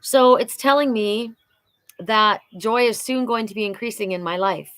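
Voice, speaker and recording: A chatty woman reading oracle cards on a livestream, talking in a loose, heartfelt way. She is middle-pitched and laughs easily, and she gets emotional as she goes. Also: moderate pace, fairly bright tone, no room sound. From Welsh heritage. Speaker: oracle card reader. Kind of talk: casual livestream card reading.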